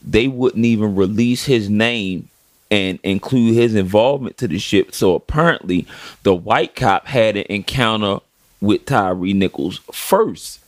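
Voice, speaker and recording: A man's voice: lowish voice, animated, measured pace, no room sound, clean studio sound. A man co-hosting a casual podcast, speaking, telling stories emphatically. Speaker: podcast co-host. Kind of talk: casual chat.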